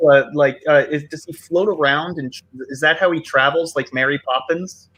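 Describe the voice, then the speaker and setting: A man's voice: on the high side, fairly even intonation, normal speed, a bit bright, slightly rough, rough recording. A man on a live stream panel, joking around and giggling. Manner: giggly, playful. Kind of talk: casual joking chat.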